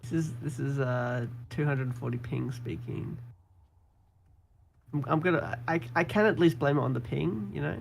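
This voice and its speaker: Gravelly, higher-voiced man in gaming chat. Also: normal speed, slight background noise. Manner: self-mocking, laughing along. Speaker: game player.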